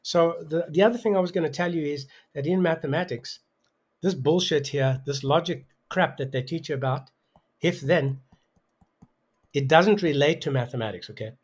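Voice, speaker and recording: A man explaining a calculus proof in an angry, abusive rant, hurling insults and leaning on "okay?". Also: normal speed. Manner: abusive, insulting, pitch rising in outbursts; hesitant restarts, repeated "okay?". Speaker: self-styled math lecturer. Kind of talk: angry math rant over a worked example.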